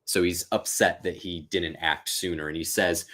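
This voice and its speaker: A man's voice: low-pitched, steady tone, normal speed, few pauses, fairly bright tone. A man hosting a live-streamed reading and commentary, talking casually and thinking aloud with fillers. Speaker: teacher and host.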